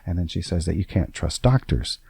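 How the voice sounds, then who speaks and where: A man hosting a casual podcast chat, wandering through his points with fillers and self-corrections. His voice sits low and warm. The sound is dry and close, with no room around it. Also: expressive, fairly quick, vocal fry, slightly rough, no echo. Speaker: podcast host.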